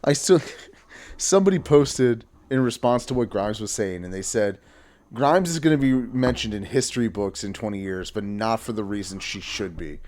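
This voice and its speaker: A man's voice: lowish voice, lively intonation, moderate pace, a little mellow. A man in his thirties hosting a political live stream, reacting with blunt, profane commentary. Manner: angry profane ranting.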